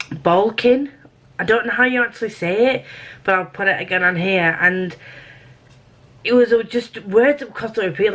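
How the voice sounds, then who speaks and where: A woman's voice: medium pitch, fairly bright tone, poor audio. Chatty British woman reviewing books. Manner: chatty, self-deprecating, rambling with restarts. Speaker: book reviewer. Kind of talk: casual book review vlog.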